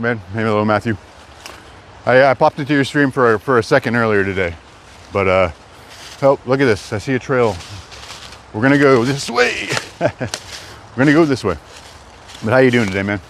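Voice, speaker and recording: A man's voice: lowish voice, slight background noise. A man live-streaming as he walks through the woods, chatting loosely to his viewers while on the move. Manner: rambling, chatty, talks to chat. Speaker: livestreamer. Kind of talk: live-stream walking vlog. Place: outdoors in woods.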